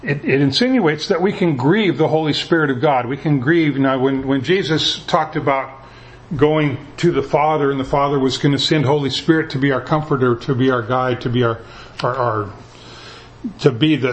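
A man preaching a sermon as pastor, talking in a conversational way and often repeating words as he restarts. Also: mid-range voice.

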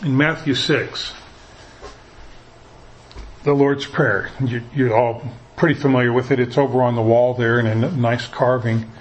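A male pastor giving a conversational, animated sermon, retelling scripture in everyday language. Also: mid-range voice, a little slow, pauses often, roomy sound, slight background noise, low-quality recording. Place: church sanctuary.

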